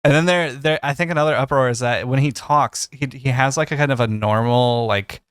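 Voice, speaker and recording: A man's voice: mid-range voice, brisk, clear, resonant tone, dry recording, clean studio sound. A man co-hosting a podcast in casual chat, rambling and correcting himself mid-sentence. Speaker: podcast co-host.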